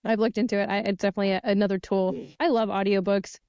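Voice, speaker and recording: A woman's voice: mid-range voice, level tone, fast talker, a little mellow, clear, resonant tone, no echo, muffled recording. A woman co-hosting a podcast, chatting enthusiastically with her guest. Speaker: podcast co-host. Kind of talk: casual interview chat.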